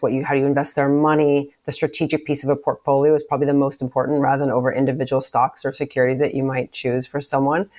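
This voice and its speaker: A middle-aged woman answering podcast interview questions in a measured, thoughtful way. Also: sits low, darkish tone. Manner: measured, thoughtful, with frequent restarts. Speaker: podcast guest, former museum CEO.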